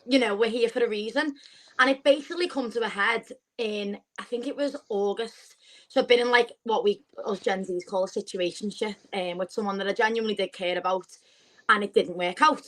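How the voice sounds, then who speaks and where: A woman, a podcast guest chatting casually and telling stories with lively quoted asides. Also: medium pitch, brisk, poor audio. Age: 20s. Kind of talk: casual chat.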